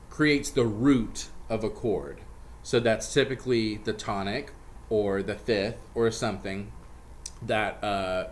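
Man, comedic explainer, casual chat, light room hiss. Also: lowish voice. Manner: joking, explains with quick asides. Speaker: comedian teaching barbershop singing.

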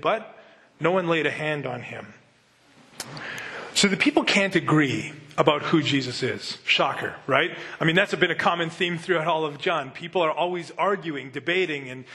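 A male pastor talking through a sermon in a relaxed, conversational manner, with a voice on the higher side for a man. He reads scripture aloud and slips into quick character voices for the quotes. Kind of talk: sermon teaching.

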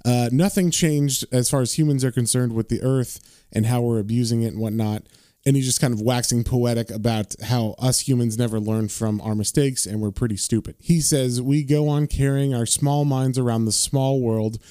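A man's voice: mid-range voice, mellow, clean tone, dry recording, clean studio sound. A man giving a casual, rambling recap of a comic book issue, with lots of fillers. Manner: loose and rambling, with frequent fillers.

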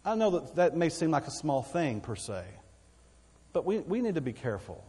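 Texan man, pastor, folksy sermon, slightly high voice, long hall echo. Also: big pitch swings, moderate pace, mellow, breathy edge. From Texas. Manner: folksy, conversational preaching with asides to the congregation.

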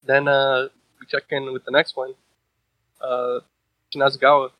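A man's voice: medium pitch, completely flat delivery, moderate pace, dry recording, highs cut off. A man recapping a manga chapter in casual chat, rambling with fillers and restarts, swearing and laughing at the story.

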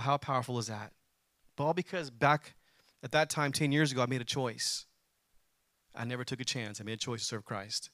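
A man's voice: medium pitch, dry recording, studio quality. A man preaching a sermon, telling a personal story and calling on the congregation to answer back. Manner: animated, calls on the congregation to respond.

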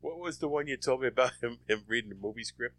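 A man's voice: medium pitch, fast talker, fairly bright tone, dry recording. A man co-hosting a casual podcast with dry, sarcastic remarks. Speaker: podcast co-host. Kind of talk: casual chat.

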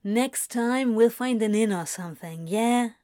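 A woman voicing a sardonic male demon who talks in flat, blunt mutters. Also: fairly high pitch, unhurried, dry recording, clean studio sound, lightly acted. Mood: curt.

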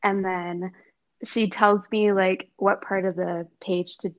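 A woman from Canada chats as a podcast guest, her voice carrying a gravelly fry. She talks loosely with many fillers and laughs often. The audio comes through dull and lo-fi. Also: mid-range voice, flat delivery, takes it slowly. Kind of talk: casual interview chat.

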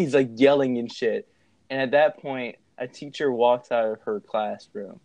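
A young man telling a story in a casual, animated way, swearing and laughing as he goes. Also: mid-range voice, unhurried, no echo.

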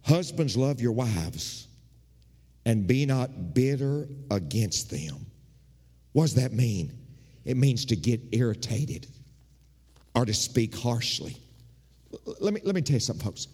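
A man preaching a sermon, his voice rising and falling in lively swings as he drives his points home. He slips into the voices of his congregants as he tells stories. The sound carries the long reverb of a church sanctuary. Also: a little slow, pauses often, slightly rough. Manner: animated preaching, mimics congregants with shifting pitch. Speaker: pastor.

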